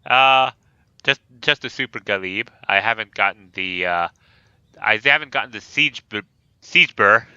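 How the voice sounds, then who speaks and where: A man's voice: lowish voice, moderate pace, bright, forceful tone, clean tone, no room sound. A man hosting a casual gaming chat, easygoing and joking as he talks through game units. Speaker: host. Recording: dull lo-fi dry mic.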